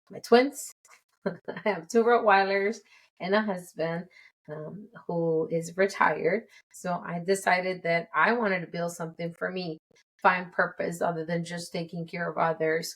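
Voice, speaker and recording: A woman in her forties with a non-native English accent, hosting her own podcast in a candid, chatty solo talk that is broken up by frequent laughs. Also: lowish voice. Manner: candid and chatty, laughs often between thoughts. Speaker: podcast host. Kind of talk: casual solo podcast monologue.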